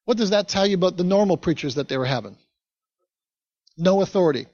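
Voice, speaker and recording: Chatty male pastor, slightly high voice. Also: lively intonation, fast talker, darkish tone, dry recording. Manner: conversational, chatty asides to the congregation. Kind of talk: storytelling sermon. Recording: dull, dry recording.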